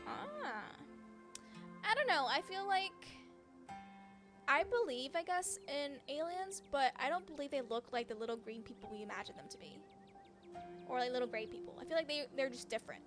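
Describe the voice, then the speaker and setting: A woman's voice: sits high, lively intonation, moderate pace. Giggly woman streaming a story game. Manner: giggly, reacting aloud. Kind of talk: let's play commentary. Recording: game music underneath.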